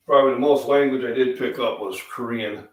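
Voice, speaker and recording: A middle-aged Midwestern man hosting a casual fitness chat, rambling with many fillers, feeling under the weather with coughs and throat-clearing. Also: mid-range voice, fairly even intonation, a little fast. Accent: Midwestern American. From Illinois, US Midwest. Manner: rambling, chatty, frequent fillers. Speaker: fitness channel host. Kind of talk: casual live-stream breakfast chat. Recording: echoey room, distant mic.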